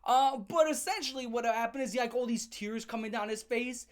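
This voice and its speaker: A woman with a fairly high voice rants through a comic story, sarcastic and full of swearing. She tells it in an animated, mocking way, like a host talking straight to her viewers. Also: fairly quick. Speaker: channel host. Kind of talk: comedic storytelling rant.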